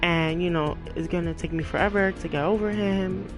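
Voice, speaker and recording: A woman's voice: fairly low pitch, moderate pace, over music, rough recording. A young woman gaming vlogger venting casually while she plays, talking emotionally and rambling with lots of "like" fillers.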